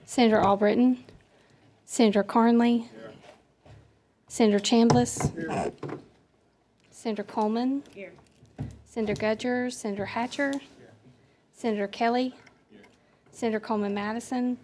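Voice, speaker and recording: Lady clerk reading off names one by one, kinda high voice, even and clipped. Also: normal speed, pauses often, noisy background. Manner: steady, clipped roll call. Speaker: committee clerk. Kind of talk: calling the roll.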